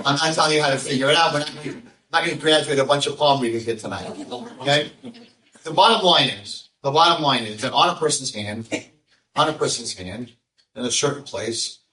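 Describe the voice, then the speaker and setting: A man's voice: medium pitch, bright, forceful tone, slight background noise. An older man, a rabbi, tells a story to a roomful of listeners. He acts out the voices of the people in it and jokes with the crowd. He is heard from a distance in an echoey hall. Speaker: rabbi giving a talk. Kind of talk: storytelling talk to an audience. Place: lecture room with audience. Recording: echoey room, mic at a distance.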